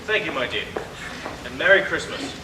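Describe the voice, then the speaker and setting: A man plays a scheming older celebrity critic, sardonic and theatrical. He speaks high for a man, with lively, swooping inflection. He is heard from far off in an echoey hall, with noise behind him. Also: normal speed, lightly acted. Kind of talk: community stage play.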